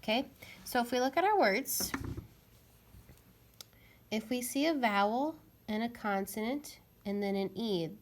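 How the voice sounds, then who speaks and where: A woman teaching a phonics lesson to young children, patiently sounding out letters and words. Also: mid-range voice.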